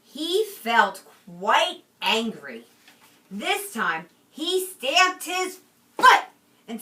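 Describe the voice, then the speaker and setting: A female teacher reads a picture book to her class, often stopping to ask the kids questions. Her voice is high, bright and very lively, and she doesn't rush. The recording feels roomy and a bit distant.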